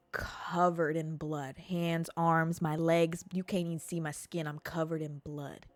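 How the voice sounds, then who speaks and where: A woman podcast host telling a wild story in a casual, animated way, full of swearing and dramatic pauses. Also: on the low side, no room sound.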